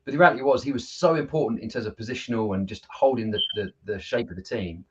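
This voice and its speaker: A man's voice: medium pitch, quick pace, husky, muffled recording. A man, a football coach, telling stories in a casual video chat. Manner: animated storyteller, laughs at his own anecdotes.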